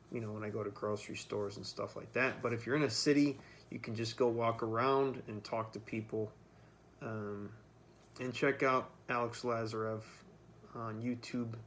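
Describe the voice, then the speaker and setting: With a fairly low pitch and a bit of noise behind him, a man delivers a rambling, profane vlog straight to camera, loose and freewheeling throughout.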